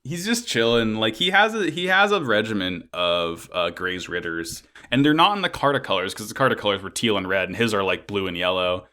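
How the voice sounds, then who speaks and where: A man's voice: lowish voice, lively intonation, brisk, few pauses, bright, forceful tone. A man co-hosting a casual podcast, recapping an episode in a joking, swearing way. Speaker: podcast co-host. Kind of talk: casual anime recap chat.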